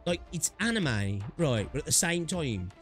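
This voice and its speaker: A man's voice: on the high side, very animated, unhurried, a bit bright, soft background music. A man streaming a game, chatting casually in a rambling, hesitant way full of fillers and restarts. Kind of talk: casual livestream commentary.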